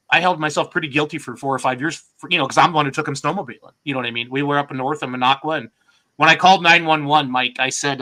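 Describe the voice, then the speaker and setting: A man's voice: medium pitch, pushed and bright. A man hosting a casual podcast, joking and self-deprecating in easy banter.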